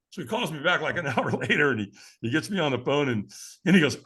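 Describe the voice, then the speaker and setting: A man's voice: a little high, very animated, fairly quick, sharp tone, breathy edge. A man in his sixties, a podcast guest telling a story with animation, acting out the voices of the people he quotes and chuckling along.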